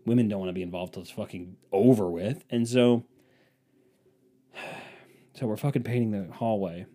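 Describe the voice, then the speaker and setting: A man's voice: lowish voice, normal speed, warm tone. Swearing, ranting male podcast host. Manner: profane, ranting, sarcastic. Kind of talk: casual comedic monologue.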